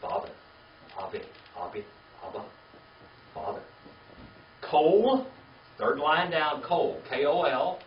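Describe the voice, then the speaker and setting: At a measured pace, a slightly high, sing-song male voice runs a Bible class, spelling words letter by letter as the class repeats. It sounds like a classroom or church meeting room: echoey, distant-miked, dull and lo-fi, with slight background noise.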